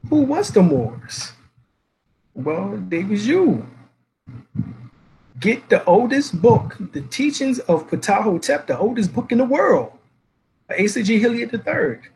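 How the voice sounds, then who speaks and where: A man with a high-pitched voice delivers a lecture, citing dictionaries and spelling out words letter by letter. He talks emphatically and poses rhetorical questions to his listeners. A faint ambient hum sits behind him. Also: very animated, slow, long pauses, a little mellow, poor audio. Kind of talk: reading and explaining references.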